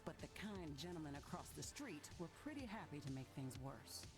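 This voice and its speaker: An actress playing a seasoned older woman bartender who teases kindly and talks with wry warmth, over game music. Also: deep voice, sing-song, a little fast. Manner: wry, motherly teasing.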